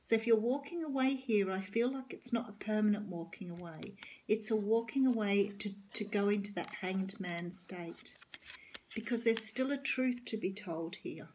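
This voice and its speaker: A middle-aged Australian woman with a husky voice, giving an earnest, reassuring tarot reading straight to the camera. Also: medium pitch, moderate pace, darkish tone, slight background noise. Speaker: tarot reader.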